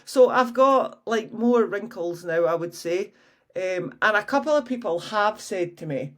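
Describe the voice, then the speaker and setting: Frank, swearing woman in her fifties. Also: normal speed. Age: 50s. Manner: frank and chatty, swears freely, lively pitch swings. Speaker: fitness coach and podcast host. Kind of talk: casual solo podcast chat.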